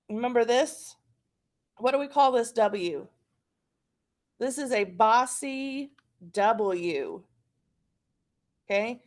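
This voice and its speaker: A woman with an Oklahoma accent teaching a phonics lesson, patiently repeating words for students to practice. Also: fairly high pitch.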